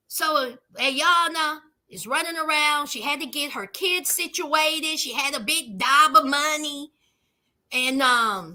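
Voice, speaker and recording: A woman's voice: high-pitched, pushed and bright. A woman hosting a casual reality TV recap, sassy and emphatic, talking straight to her viewers.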